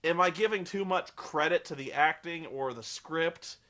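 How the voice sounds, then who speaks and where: A man's voice: on the high side, moderate pace, pushed and bright. A man giving a rambling, sarcastic, and profane spoken film review, full of fillers.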